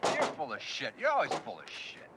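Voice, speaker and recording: A man's voice: medium pitch, huge pitch swings, normal speed, heavy background noise. An actor playing a man hurling crude, mocking insults in a war film scene. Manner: loud, mocking, profane. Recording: film clip with loud gunfire.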